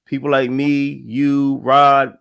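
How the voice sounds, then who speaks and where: A man's voice: medium pitch, little pitch movement, slow pace, creaky, a bit bright, clear, resonant tone. A man talking politics in a casual chat, stressing points by repeating them. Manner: emphatic, repeats phrases for stress.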